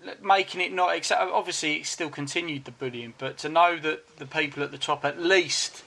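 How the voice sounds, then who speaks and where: A man co-hosting a podcast who chats casually and reacts quickly, swearing now and then. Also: on the high side, vocal fry, pushed and bright. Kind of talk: casual chat.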